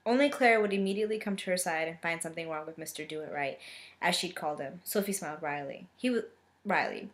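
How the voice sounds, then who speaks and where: A young woman reads chapters of a novel aloud, shifting into dry, sarcastic commentary between passages. Her voice sits on the lower side for a woman, and her reading is expressive and casual. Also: quick pace. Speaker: book reader and reviewer.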